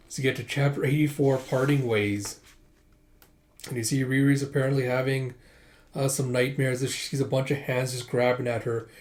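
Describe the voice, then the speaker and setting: A man's voice: mid-range voice, steady tone, brisk, a little mellow. A man casually reading through a manga volume, retelling each scene with "he's like" and "she's like.". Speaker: manga reviewer.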